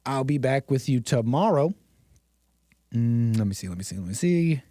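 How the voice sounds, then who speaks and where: A man's voice: mid-range voice, lively intonation, moderate pace, dark tone, no echo, studio quality. A man hosting a live-streamed commentary show, talking in a theatrical, mock-dramatic way and repeating phrases for effect.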